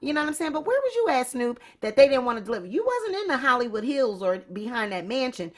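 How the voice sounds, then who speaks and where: A woman's voice: high voice, big pitch swings, fast talker. A woman hosting a celebrity gossip show, talking casually and sassily straight to her viewers. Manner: sassy, talks straight to viewers. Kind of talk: casual commentary.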